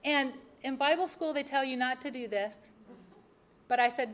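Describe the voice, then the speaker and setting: A woman telling a personal testimony, expressive and laughing at her own mishaps. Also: high-pitched, moderate pace. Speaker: speaker sharing a personal testimony. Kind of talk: personal storytelling.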